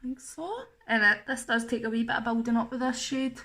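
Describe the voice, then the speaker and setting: A woman's voice: fairly high pitch, brisk, pushed and bright. A young woman talking through a makeup tutorial in a chatty, self-deprecating way. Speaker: makeup artist.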